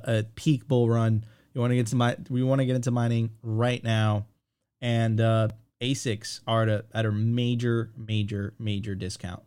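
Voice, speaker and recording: A man hosting a casual podcast, slangy and animated, often restarting his sentences. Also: medium pitch, clean tone. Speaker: podcast host.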